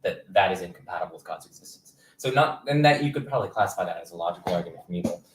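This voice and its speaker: A man with a very deep voice explains his view steadily as a panelist, talking quickly. His voice sounds far from the mic in a roomy, echoing space. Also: animated. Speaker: discussion panelist.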